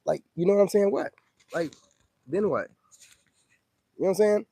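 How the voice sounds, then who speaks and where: Dark-voiced man ranting on a livestream. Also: sits high, normal speed, creaky, breathy edge, no room sound. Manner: loose, emphatic, keeps asking "you know what I'm saying". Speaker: livestream host. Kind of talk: casual livestream chat.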